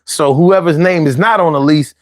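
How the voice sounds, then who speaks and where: A man's voice: a little high, moderate pace, no echo, clean studio sound. A man with a Philadelphia accent hosting his own show, giving casual, slangy advice with jokey asides. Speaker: host.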